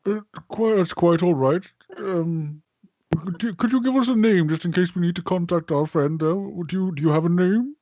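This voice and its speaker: A man's voice: high voice, normal speed, a little mellow, no echo, lo-fi sound, pitched above the performer's own voice. A man doing a stammering, prim adventurer. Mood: flustered. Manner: stammering, fussy politeness.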